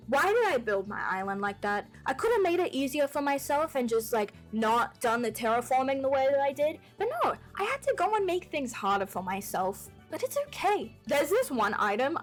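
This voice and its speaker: A young woman talking through a game build in a chatty, bubbly, self-mocking voice-over from her desk at home. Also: high-pitched. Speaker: gaming YouTuber. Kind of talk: casual gameplay voice-over. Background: soft background music.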